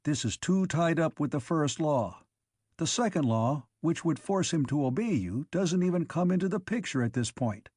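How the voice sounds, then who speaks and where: A sharp male officer , read by a man, asks blunt, probing questions. The tone is dry and up-close, pitched a bit above the usual male range. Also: lively intonation, moderate pace, slightly rough, no echo.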